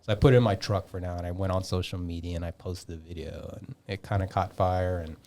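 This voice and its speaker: A man in his fifties telling a long story in a casual podcast chat, animated, swearing freely and acting out the dialogue. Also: sits low, fast. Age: 50s. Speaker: podcast guest.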